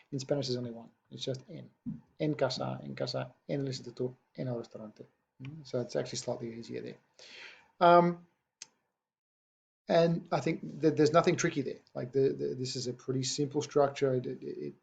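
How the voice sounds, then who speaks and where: A man's voice: medium pitch, gravelly, darkish tone, slightly rough, dull audio. A man explaining a Spanish grammar point in a recorded lesson, patient and checking in with his students. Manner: patient, checks in with rhetorical "yeah?". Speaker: Spanish teacher.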